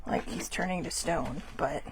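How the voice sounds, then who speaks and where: A woman hosting a casual spiritual card reading, chatty and self-correcting, reading passages slowly aloud. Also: low voice, a little hiss or hum. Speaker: host reading oracle cards.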